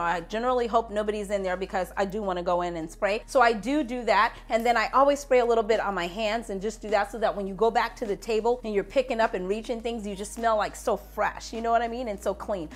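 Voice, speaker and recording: A woman vlogger chatting through a casual fragrance review, animated and playful, jumping from loud exclamations to low asides. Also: fast. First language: English.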